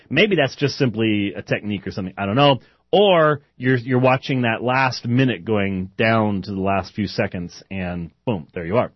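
A man's voice: mid-range voice, expressive, normal speed, slightly rough, no room sound, dull audio. A man hosting a talk show, chatting casually and wandering off topic, with many fillers and restarts. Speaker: podcast host. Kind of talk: casual rambling commentary.

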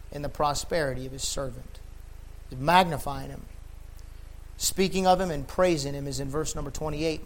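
Fervent high-voiced preacher man. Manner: fervent preaching, swinging from loud emphatic peaks to low quiet stretches; sweaty and laughing at himself between scripture readings. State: tired. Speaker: pastor. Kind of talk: sermon.

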